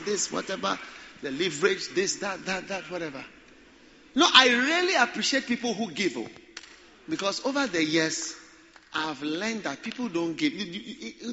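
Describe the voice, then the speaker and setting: Animated preacher, bright voice. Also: male voice, high voice, lo-fi sound, slight background noise. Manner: animated, repeats phrases for emphasis. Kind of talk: sermon.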